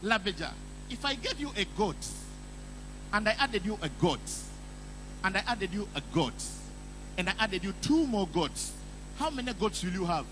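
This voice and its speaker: A man's voice: high voice, big pitch swings, moderate pace, long pauses, background noise, pitched below the performer's own voice. A Ugandan man playing a strict but kindly male village schoolteacher who talks in a patient, coaxing way, in a stand-up comedy bit. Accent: Ugandan English.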